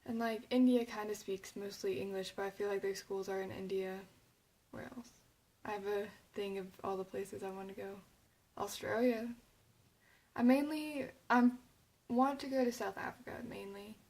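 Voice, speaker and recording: A young woman vlogging to her camera in a loose, rambling way, full of fillers and restarts. Her voice sits at an ordinary pitch, and she sounds slightly emotional. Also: fairly even intonation, moderate pace, a little mellow, poor audio. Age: young adult. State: emotional, near tears. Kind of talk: casual chat to camera.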